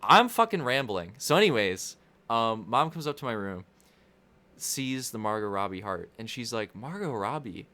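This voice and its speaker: A man's voice: on the low side, animated, moderate pace, bright, forceful tone. A young man rambling through casual livestream race commentary, profane and constantly interrupting himself.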